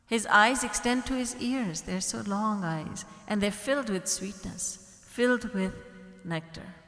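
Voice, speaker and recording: A woman spiritual teacher giving a gentle devotional discourse, softly quoting prayers. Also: medium pitch, a little slow. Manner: gentle, devotional, quotes prayers in a soft pleading tone. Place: large hall at a retreat. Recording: echoey hall with long reverb.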